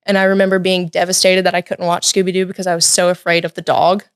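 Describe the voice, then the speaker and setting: A woman's voice: fairly low pitch, fast, smooth, no echo, studio quality. Chatty teenage woman telling a story. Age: late teens. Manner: lively, chatty, many "like" and "um" fillers. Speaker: podcast guest. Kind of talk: personal storytelling. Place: podcast studio.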